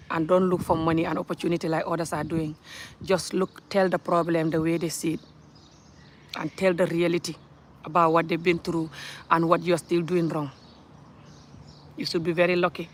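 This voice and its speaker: A woman's voice: lowish voice, a bit bright, a little hiss or hum. A woman from Gambia with a Gambian accent, talking bluntly and emphatically to camera in a vlog rant, often breaking into laughter. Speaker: vlogger. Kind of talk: ranting vlog monologue.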